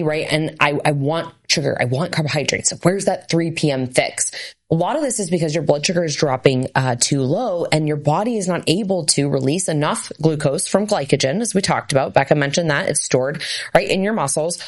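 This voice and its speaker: A woman hosting a casual podcast chat as a health practitioner, explaining quickly with lots of fillers. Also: deep voice, animated.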